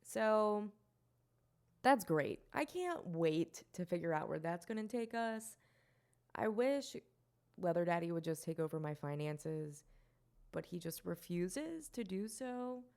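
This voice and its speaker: A rambling woman in her twenties talks through a solo podcast episode on her own. Her voice sits on the low side, and she swears and laughs at herself as she goes. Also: lively intonation, takes it slowly, darkish tone. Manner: rambling, self-mocking, swears, laughs often. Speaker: podcast host.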